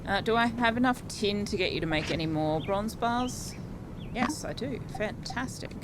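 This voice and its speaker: Casual gameplay commentary comes from an Australian woman whose mid-range voice is animated and moderately paced, with noise behind her. She's chatty and amused, often correcting herself while she streams.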